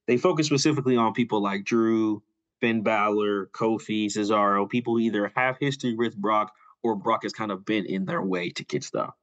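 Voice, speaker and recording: Low-voiced man retelling a storyline, lo-fi. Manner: loose, filler-heavy retelling with quick quoted asides. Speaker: podcast co-host. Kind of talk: casual storytelling about wrestling storylines. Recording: dull lo-fi audio.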